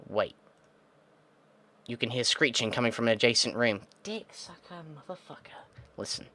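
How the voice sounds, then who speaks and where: With a medium-pitched voice that sounds pushed and bright, a man hosting a gaming video reads out a text game's descriptions. He reacts as he goes, thinking aloud and muttering annoyed, profane asides.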